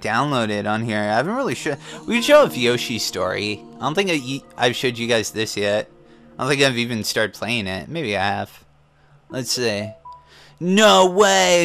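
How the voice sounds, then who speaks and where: Young male gaming YouTuber, hyped, swooping voice, music playing behind him. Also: mid-range voice. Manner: excitable, over-the-top reactions, calls viewers dudes. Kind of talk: casual gameplay commentary. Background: game music.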